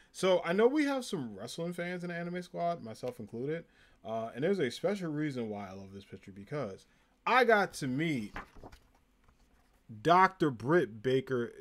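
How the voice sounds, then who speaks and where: A young man with a New Jersey accent chatting casually on a live stream, upbeat and full of ums and likes. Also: mid-range voice. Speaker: live streamer showing a convention haul.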